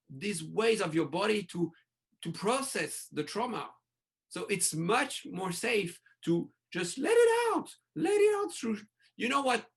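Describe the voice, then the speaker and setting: High, gravelly man speaking passionately. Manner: passionate, restarts phrases, speaks in bursts. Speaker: breathwork coach, podcast guest. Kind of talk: enthusiastic interview talk.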